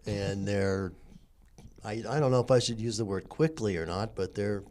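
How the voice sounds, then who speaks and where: Low-voiced man, dry co-host. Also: moderate pace, a little mellow, a little hiss or hum. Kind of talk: casual podcast chat. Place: small office studio.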